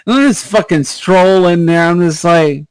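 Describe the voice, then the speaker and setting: A man spins a rambling, profanity-laced story as a podcast co-host, stacking fillers and restarts as he goes. His voice sits a little high for a man and is recorded dry and close, with no room sound around it. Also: normal speed, clean tone, no room sound, low-quality recording. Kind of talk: casual storytelling chat.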